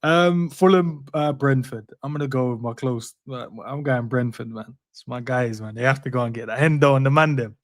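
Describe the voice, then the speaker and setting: A man's voice: medium pitch, normal speed, hardly any pauses. A young man co-hosting a casual football chat, slangy and rambling, laughing often. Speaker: football podcast co-host.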